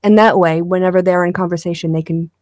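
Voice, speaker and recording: A woman's voice: on the low side, steady tone, fast talker, a little mellow, no echo. A tired woman hosting a casual online chat, talking chattily and often trailing off with a laugh. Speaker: podcast host.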